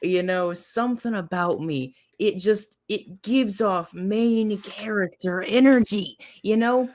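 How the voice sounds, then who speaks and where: A woman's voice: medium pitch, takes it slowly, darkish tone. A woman doing a stammering schoolboy. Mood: sheepish. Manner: stammering, apologetic. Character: awkward loud schoolboy.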